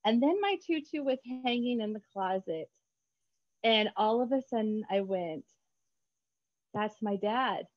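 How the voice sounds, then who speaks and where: A woman author chatting in an interview, bubbly and quick, acting out her own remarks in lively voices. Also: fairly high pitch, no room sound, highs cut off. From United States. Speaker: author guest. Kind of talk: casual interview chat.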